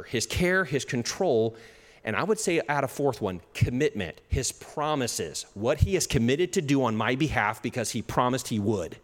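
A man preaching a sermon in a church hall, with an animated delivery. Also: medium pitch. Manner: animated, acts out little quoted exchanges, chuckles at his own jokes. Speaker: pastor. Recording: long hall reverb.

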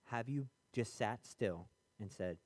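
A man's voice: fairly low pitch, takes it slowly, no room sound. A man preaching a sermon in a conversational way, with many fillers, acting out the voices in his stories.

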